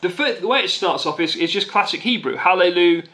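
A man's voice: high-pitched, lively intonation, fast talker, bright, forceful tone, low-quality recording. A man preaching a sermon in a conversational, emphatic way, repeating key phrases and often restarting sentences. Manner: conversational with frequent restarts and fillers.

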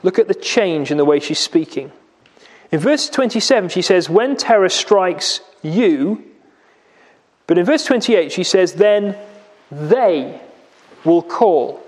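A man's voice: high voice, lively intonation, slow pace, darkish tone, big-room sound. A man preaching a sermon in a church, explaining a passage with rhetorical questions and vivid retelling.

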